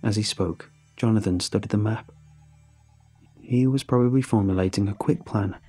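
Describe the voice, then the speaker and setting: A man narrating a horror story in a steady, grave storytelling voice. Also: lowish voice, normal speed, slightly rough, soft background music.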